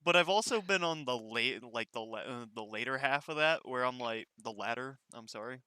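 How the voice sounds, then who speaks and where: A man's voice: medium pitch, normal speed, clear, resonant tone, no echo. A young man in casual podcast chat, stammering and restarting as he talks. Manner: stammering, animated asker. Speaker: podcast co-host.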